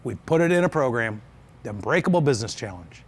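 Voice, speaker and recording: A man's voice: medium pitch, lively intonation, fast talker, breathy edge. A man giving a motivational business talk on stage. He speaks earnestly and with emphasis, and he often repeats phrases for effect. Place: event stage with live audience.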